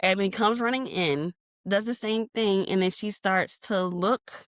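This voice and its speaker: A woman with a mid-range voice speaks unhurriedly in a clean, echo-free studio recording. As a podcast guest in a personal storytelling interview, she emotionally recounts a painful memory, acting out what she and others said and reenacting her own shouts.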